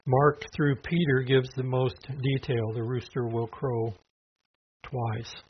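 A man's voice: medium pitch, flat delivery, takes it slowly, slight background noise. A man teaching through a Bible passage verse by verse, talking conversationally with asides and fillers. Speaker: preacher. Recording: dull lo-fi recording.

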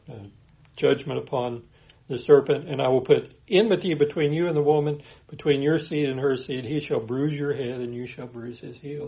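A man preaching a sermon, reading scripture aloud and explaining it in an earnest, steady manner. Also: medium pitch, dull audio. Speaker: pastor.

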